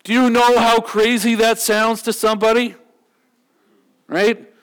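Male pastor, sermon, conversational, humorous, rhetorical questions, high voice. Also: little pitch movement, unhurried, smooth, poor audio.

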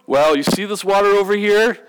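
Preacher voicing God, patient male deity, plain casual explaining, fairly high voice. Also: brisk, smooth, close to an everyday voice, rough recording. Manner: casual, explanatory, matter-of-fact.

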